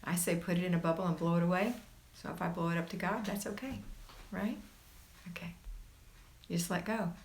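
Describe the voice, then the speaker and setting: A woman's voice: lowish voice, fairly even intonation, brisk, pauses often. A woman hosting a casual livestream, reading viewer comments aloud and reassuring her viewers in a chatty way. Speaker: homemaking livestream host.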